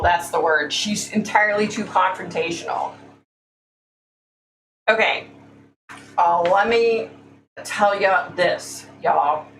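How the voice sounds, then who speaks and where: A woman's voice: medium pitch, fairly bright tone. Blunt woman, echoey livestream. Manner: blunt, opinionated, says "y'all". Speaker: livestream host. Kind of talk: casual livestream chat. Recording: echoey room, faint hum, mic at a distance.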